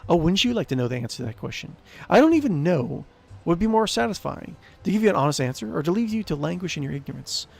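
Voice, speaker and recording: A man's voice: a little high, big pitch swings, fast talker, vocal fry, darkish tone, full character voice. A man voicing a vengeful ghostly noblewoman aunt, reading her lines with cold scorn and mockery. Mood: mocking. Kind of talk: reading game dialogue aloud.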